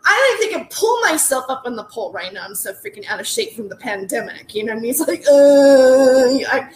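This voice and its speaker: A woman's voice: fairly high pitch, lively intonation, fast, a bit bright, reverberant, a little hiss or hum. A woman in her forties, a comedian telling a rambling story full of "like"s, restarts and laughing asides. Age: 40s. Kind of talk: casual storytelling monologue.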